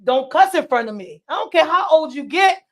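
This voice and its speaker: A woman's voice: sits high, expressive, a little fast. A woman hosting a casual talk show, telling stories in a blunt, profane, laughing way. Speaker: host. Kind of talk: casual storytelling chat.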